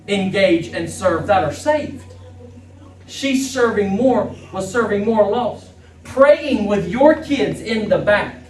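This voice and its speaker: Preacher guy, high-pitched and fervent, recorded far off in a church with faint music behind. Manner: fervent, repeats phrases for emphasis. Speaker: pastor. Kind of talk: impassioned sermon. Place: church sanctuary. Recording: echoey church room, distant mic, faint music.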